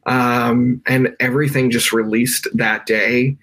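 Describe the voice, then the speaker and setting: A man's voice: mid-range voice, steady tone, slow, a bit bright. A man from the United States, a guest on a podcast, tells his story in a loose, conversational way that is full of "like" and restarts. He is speaking from his bedroom over a video call. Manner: emotional, many fillers and restarts.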